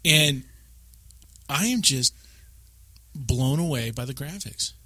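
A man chatting casually on a podcast, rambling and animated as he acts out bits of his stories. His voice is bright and forward. The sound is dry and close, with no room around it. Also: medium pitch, slow pace, dry recording. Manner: rambling, animated storytelling with acted-out quotes. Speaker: podcast co-host. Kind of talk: casual chat about a video game.

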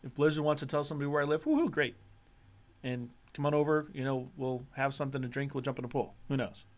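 A man's voice: medium pitch, little pitch movement, quick pace. A man co-hosting a casual gaming podcast, rambling and joking, with lots of fillers and restarts. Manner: rambling, joking, self-interrupting. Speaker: podcast co-host.

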